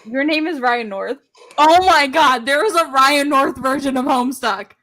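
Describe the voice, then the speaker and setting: A woman chatting on a comics podcast stream, excitable and swearing. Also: high-pitched, moderate pace. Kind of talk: casual chat.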